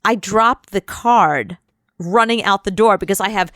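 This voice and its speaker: A young adult woman co-hosting a radio show, telling a rambling, animated anecdote in casual chat. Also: mid-range voice, measured pace, no echo, studio quality. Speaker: radio co-host.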